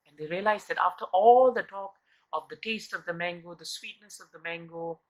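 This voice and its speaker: This rough recording features a high-voiced man leading a devotional scripture lesson in an earnest teaching manner. He keeps throwing rhetorical questions at listeners and repeating words for emphasis, while his stories slow down and speed up with phrases that often trail off.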